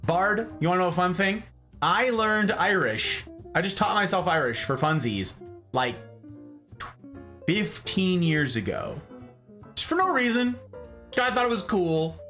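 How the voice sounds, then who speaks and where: A man's voice: high voice, big pitch swings, unhurried, pauses often, fairly bright tone, soft background music. A man hosting a live stream in casual chat, reading out viewers' messages and answering them.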